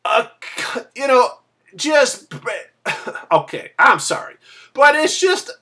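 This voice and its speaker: Slow, bright-voiced woman ranting emphatically. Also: sits high. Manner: emphatic, searching, bursts into raised voice. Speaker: vlogger and MLM member. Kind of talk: impassioned rant to camera.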